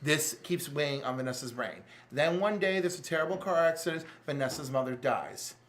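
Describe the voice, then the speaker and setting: A man co-hosting a casual chat about comics, animated and gushing as he recaps stories. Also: on the high side, a little fast, a little hiss or hum. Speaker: podcast co-host.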